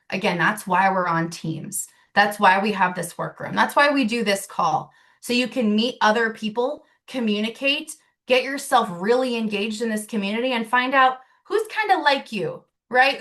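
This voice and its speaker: A woman's voice: on the high side, fairly bright tone. A woman leading a sales training over a video call, upbeat and direct, firing off rhetorical questions and checking in with "right?" and "okay?". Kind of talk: coaching on a team video call.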